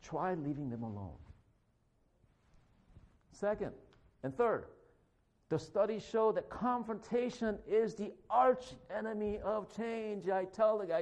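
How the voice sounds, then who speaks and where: A man who is a physician, giving a conversational sermon in a church, animated and joking as he acts out confrontations. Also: high-pitched, measured pace. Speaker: guest preacher, physician.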